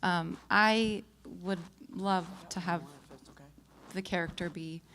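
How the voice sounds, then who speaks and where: Soft, hesitant woman panelist. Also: lowish voice, steady tone, slow pace, a little hiss or hum. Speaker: actor panelist. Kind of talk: answering audience question. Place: convention panel stage.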